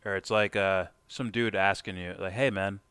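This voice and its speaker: A man hosting a live stream, chatting casually, profane, animated and mocking. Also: deep voice, normal speed, clear, resonant tone, dry recording. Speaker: stream host. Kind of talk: casual livestream chat.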